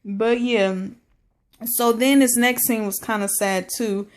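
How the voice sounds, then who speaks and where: A woman's voice: on the high side, fairly even intonation, slow pace, a little hiss or hum. A woman recapping a reality show in a casual, slangy vlog, with many fillers. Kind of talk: casual chat.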